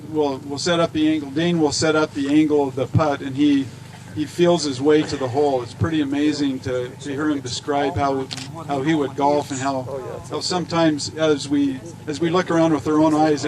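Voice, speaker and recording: A man's voice: on the high side, flat delivery, moderate pace, hardly any pauses, a crowd in the background, rough recording. A man acting as emcee at an outdoor golf event, chatting casually and restarting his sentences. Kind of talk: casual commentary. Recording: outdoor recording with background noise.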